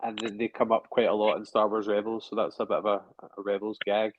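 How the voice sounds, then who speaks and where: A man's voice: on the low side, little pitch movement, fast talker, slight background noise. A man co-hosting a casual review podcast, chatty and hedging as he thinks aloud. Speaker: podcast co-host. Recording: dull lo-fi dry sound.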